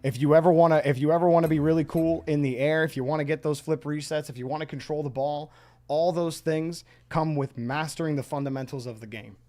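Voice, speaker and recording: A man's voice: a little high, fairly even intonation, fairly quick, mellow, faint music behind. A man casting a live video game match, chatting and giving play-by-play. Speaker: esports caster. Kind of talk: live game commentary and chat.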